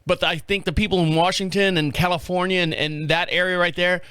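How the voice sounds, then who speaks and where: A man's voice: sits high, steady tone, brisk, pushed and bright, smooth, no room sound. A man hosting a podcast in a studio, who talks in a casual, folksy, rambling way and jokes along as he goes. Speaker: podcast host. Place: small radio studio. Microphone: studio microphone.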